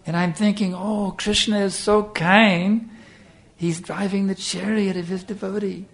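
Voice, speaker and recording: A man voicing a humble, tearful, devoted old temple priest in a sermon story, speaking softly and earnestly. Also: medium pitch, fairly even intonation, moderate pace, creaky, natural voice.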